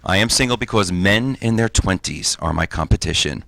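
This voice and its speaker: A man's voice: low-pitched, lively intonation, normal speed, gravelly, a bit bright, slight background noise. A man in his forties doing a stand-up comedy set on stage, with punchy, self-mocking delivery. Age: 40s. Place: stage before a live audience.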